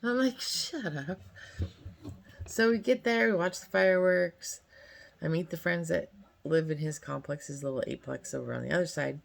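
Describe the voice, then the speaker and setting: A woman in her fifties from California spins a casual story time. Her voice sits low with a gravelly edge. She rambles in a friendly, chatty way and leans on fillers. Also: fairly quick. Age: 50s. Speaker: vlogger.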